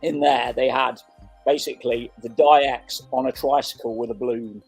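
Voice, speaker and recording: A man's voice: medium pitch, steady tone, gravelly, darkish tone, breathy edge, faint music behind, poor audio. A man from a toy shop, joining a casual chat and readily agreeing. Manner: chatty, quick to agree.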